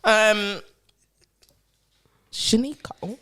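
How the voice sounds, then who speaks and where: A woman's voice: mid-range voice, drawn-out words, fairly bright tone, smooth. A woman co-hosting a podcast, chatting casually, giggling and teasing her friends. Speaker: podcast co-host. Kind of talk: casual chat.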